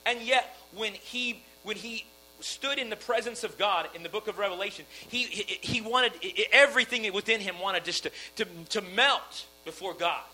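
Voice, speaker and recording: A man's voice: sits high, normal speed, pushed and bright, a little hiss or hum, low-quality recording. A man preaching a sermon earnestly, often restarting his sentences. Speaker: pastor.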